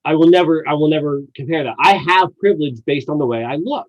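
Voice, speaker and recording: A man hosting a casual podcast chat, animated and laughing often as he retells stories. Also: on the high side, fast. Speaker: podcast host. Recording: dull lo-fi sound.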